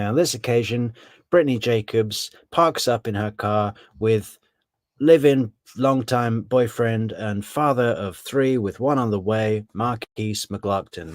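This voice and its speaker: A man's voice: lowish voice, dry recording. A man giving casual, rambling commentary on a true crime case, often correcting himself on names.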